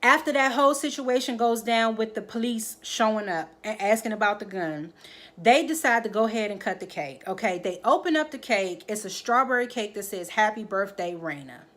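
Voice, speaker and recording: Speaking at a moderate pace in a medium pitch, this TV episode reviewer chats casually through a drama recap. She animates the story by performing the characters' lines, addresses her viewers directly, and keeps asking "okay?"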